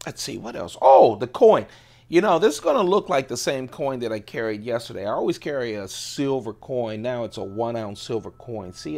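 Gravelly fifty-something man chatting casually. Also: mid-range voice. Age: 50s. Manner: chatty, laughs often, digresses. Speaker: EDC video host. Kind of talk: casual rambling show-and-tell.

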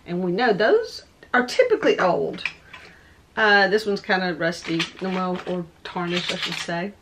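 A woman with a voice going hoarse, rambling as she shows off her thrift finds at home. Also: fairly low pitch, animated, a little slow, background noise. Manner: rambling, chatty, thinking aloud. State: losing her voice. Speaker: vlogger showing thrift finds. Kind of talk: casual show-and-tell chat. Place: home room with window open. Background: dogs barking.

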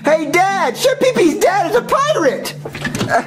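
A man's voice: very high voice, sing-song, a little slow, over loud music, voice pushed up, exaggerated voice. A man voicing an eager young man with a bouncy, chirpy way of talking.

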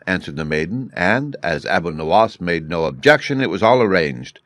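A man narrating a story for English learners in a clear, measured way. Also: low-pitched, sing-song, fairly bright tone, no echo.

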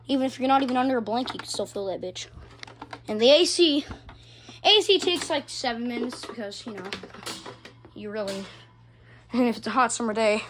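A woman with a high-pitched voice talks through a casual home vlog, recorded on a phone she holds while filming. She rambles excitably and swears at almost every turn. A faint hiss sits behind her voice. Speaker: hobbyist vlogger showing her fans. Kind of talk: casual unscripted vlog commentary. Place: indoors at home. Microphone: phone camera held while filming.

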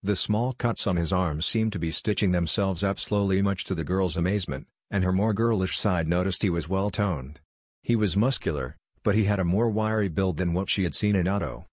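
A man narrating a fan-fiction story in an even, storytelling manner. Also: low voice, fairly quick, no echo, clean studio sound.

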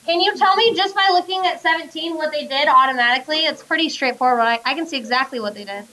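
A high-pitched woman teaches a classroom math lesson, quizzing her students and guiding them through each step. Her voice is picked up from a distance in the classroom. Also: fast, pushed and bright, echoey room. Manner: questioning, coaxing students step by step. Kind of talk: classroom lecture.

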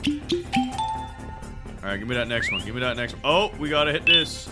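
A man giving frantic, excitable, self-mocking commentary as he plays a game. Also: mid-range voice, moderate pace. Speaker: gamer. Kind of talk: let's play commentary. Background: loud game music.

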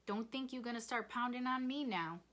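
Storybook caretaker, an older woman, fervent and motherly, raised and bright in pitch, read by a woman. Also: normal speed, lightly acted. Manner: fervent, exclaiming.

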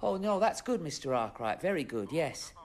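A man's voice: a little high, big pitch swings, normal speed, a little mellow. A man playing a cheerful, fussy engine driver in a children's show, talking to viewers with exaggerated expression. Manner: exaggerated, chatty, addresses viewers. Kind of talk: children's TV acting.

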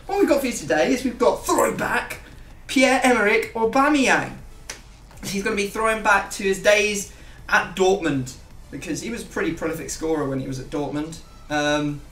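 Young man, casual gaming chatter, rambling, higher voice, roomy echo, set back from mic. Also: fairly bright tone, recorded from a distance, slight background noise. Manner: rambling, self-mocking banter. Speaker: YouTube gaming host.

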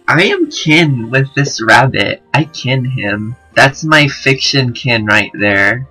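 Young guy doing over the top game reactions, husky bright voice, slow drawl, faint music behind. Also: medium pitch, rough recording. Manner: campy, dramatic reactions. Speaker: gaming YouTuber. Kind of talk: comedic game commentary.

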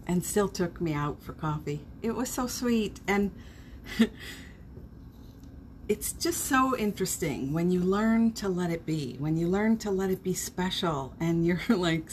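A woman's voice: on the low side, a little hiss or hum. A middle-aged woman hosting a casual morning live stream, greeting viewers by name in a gushing, upbeat way.

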